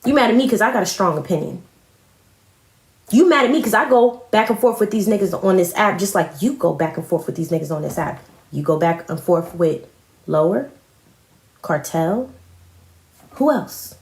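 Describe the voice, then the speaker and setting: A woman's voice: medium pitch, animated, normal speed, long pauses. A woman on a live stream, confrontationally ranting at other commentators with heavy profanity and repetition. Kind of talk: heated live-stream rant. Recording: echoey room.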